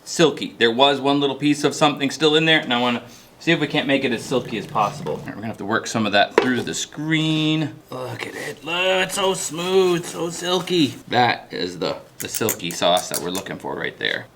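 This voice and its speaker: A man's voice: medium pitch, lively intonation, fairly quick, fairly bright tone, a little hiss or hum. A man hosting his own cooking video, chatting casually as he cooks and laughing at his own mistakes. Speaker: cooking channel host.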